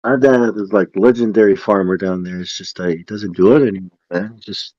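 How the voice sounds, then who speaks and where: A man chatting casually on a podcast, laid-back and quick to laugh, using relaxed slang. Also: low voice, dry recording, dull audio. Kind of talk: casual chat.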